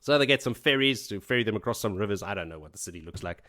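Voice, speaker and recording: A podcast host speaks very fast in a lowish, sharp-toned voice with lively intonation. He casually works through a fantasy book chapter by chapter, rambling, laughing, and performing the characters' lines.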